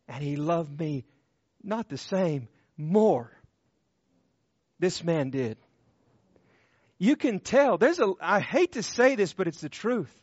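A man preaching a sermon with passion, who swings from loud emphatic cries to hushed tender tones and repeats short phrases for emphasis. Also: fairly high pitch, big pitch swings, slow, pauses often, no room sound, dull audio.

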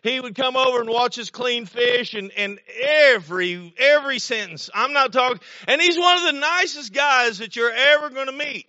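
A man preaching a sermon in a folksy, storytelling way, repeating words and now and then breaking into shouts. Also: very high voice, normal speed, few pauses, no room sound, dull audio. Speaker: pastor.

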